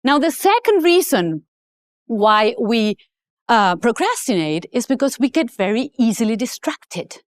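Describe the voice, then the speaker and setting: A woman gives a motivational talk, telling her story with emphasis. Her voice sits fairly high and leaps lively up and down. The sound is dry and close, with faint music underneath. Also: unhurried, no room sound. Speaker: author and speaker.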